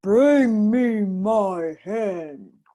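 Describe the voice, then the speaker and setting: A woman putting on a hulking, greedy giant from a storybook, booming each word out slowly and loudly. The voice is dark and mellow in tone, with a sweeping, lively pitch. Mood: commanding. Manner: booming slow chant. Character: huge bellowing male giant, greedy and gruff.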